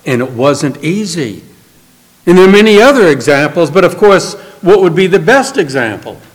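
Pastor, male, high voice, earnest storyteller, recorded in a reverberant hall. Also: expressive, normal speed. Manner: storytelling, earnest, acts out quotes. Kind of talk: sermon.

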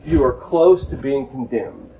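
A man's voice: mid-range voice, expressive, measured pace, warm tone, muffled recording, slight background noise. A man preaching a sermon, earnest, repeating phrases and building to fervent peaks. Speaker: pastor.

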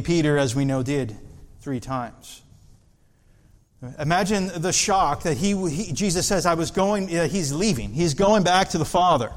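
A man preaching an expository sermon as pastor, earnest, pressing key points with rising emphasis. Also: on the high side. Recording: hall reverb.

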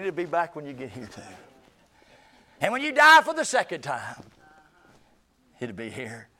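A man preaching a sermon, shouting key points and dropping low at the ends of phrases. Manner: folksy, emphatic preaching with sudden shouts and drops to low trailing endings.

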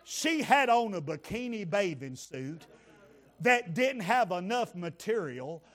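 Preacher man, high voice, slow folksy storytelling that climbs to shouting. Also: very animated. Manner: folksy, builds to shouted praise. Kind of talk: humorous storytelling sermon.

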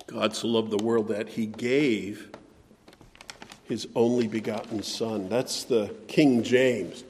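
A man preaching a sermon as pastor, measured and deliberate, dropping to quiet phrases and rising to emphatic ones. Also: medium pitch, big-room sound.

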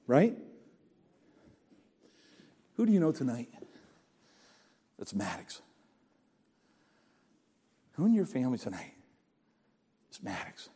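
An older man preaching a sermon in a church, telling a story dramatically and swinging from hushed tones to shouting. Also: medium pitch, wildly swooping pitch, slow pace, long pauses, slightly rough. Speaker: pastor. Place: church sanctuary.

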